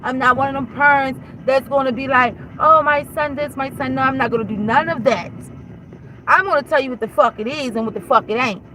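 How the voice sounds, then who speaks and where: High-pitched mom going off in a casual rant, real blunt, cussing a lot. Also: female voice, brisk, sharp tone, low-quality recording. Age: adult. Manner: blunt and heated, swears freely, retells a conversation. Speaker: mother venting to viewers.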